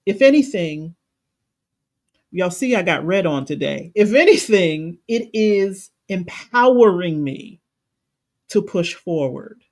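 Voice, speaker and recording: A woman's voice: lowish voice, animated, slow pace, darkish tone. A woman life coach giving a motivational talk on a live stream, emphatic and passionate, repeating phrases for emphasis. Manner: passionate, preacher-like cadence.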